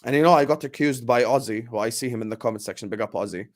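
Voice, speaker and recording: A young man hosting a casual football livestream, talking excitedly, repeating himself and urging viewers to like and subscribe. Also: mid-range voice, rapid-fire. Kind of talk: casual live-stream football chat.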